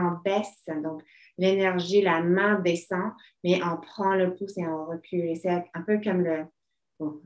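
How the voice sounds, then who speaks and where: Low-voiced woman guiding gentle hand exercises. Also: rough recording. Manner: calm, gentle, switches between French and English. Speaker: workshop co-facilitator. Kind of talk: guided movement instruction. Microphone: video call.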